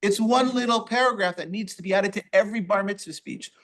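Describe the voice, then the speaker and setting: High-voiced rabbi teaching a Torah class. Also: male voice, fast, a bit bright. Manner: asks the class rhetorical questions and quotes Hebrew verses. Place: synagogue classroom.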